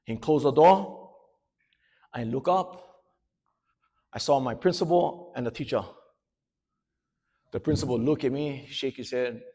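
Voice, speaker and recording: Speaking a little slowly and pausing often, a motivational speaker from Hawaii uses a medium-pitched, slightly rough voice with a Hawaiian Pidgin accent. He's animated and laughing as he tells students a story, dropping into character voices.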